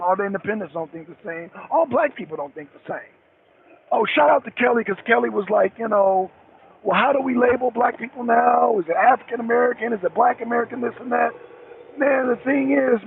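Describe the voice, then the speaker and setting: On a tinny phone line with faint hiss, a middle-aged truck driver chats on a call-in talk show in a high-pitched, gravelly voice. He rambles, repeats himself, and curses heavily.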